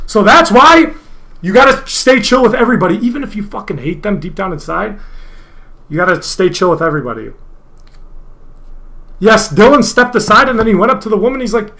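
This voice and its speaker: A young male streamer rambles freely on a casual livestream in a high, bright voice that's sing-song and a little fast. He swears constantly and now and then erupts in loud, exasperated outbursts.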